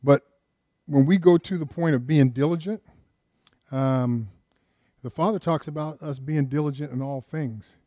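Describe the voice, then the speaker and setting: A man's voice: a little high, a little slow, pauses often, mellow, no room sound, studio quality. An older man preaching a sermon with emphasis, often putting questions to his congregation. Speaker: pastor.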